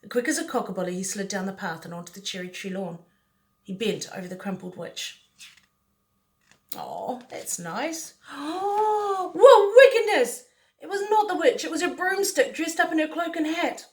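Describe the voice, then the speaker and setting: A woman's voice: on the high side, animated, brisk. A woman reading a picture book aloud, playful, with chatty asides to the listener. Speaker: storyteller.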